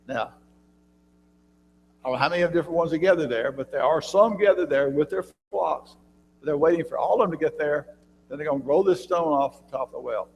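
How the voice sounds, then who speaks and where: A man teaching a church Bible class, talking conversationally, often quizzing his listeners with questions and clearing his throat, recorded in a church room with long reverb and a faint hum. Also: on the high side. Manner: frequent throat clearing and restarts.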